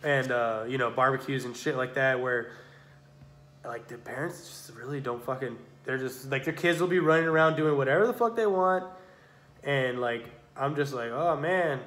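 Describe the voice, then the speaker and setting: A young man co-hosts a podcast in an echoey room, rambling casually and profanely with plenty of fillers like "you know what I mean". His voice is medium-pitched and a bit bright, at a moderate pace.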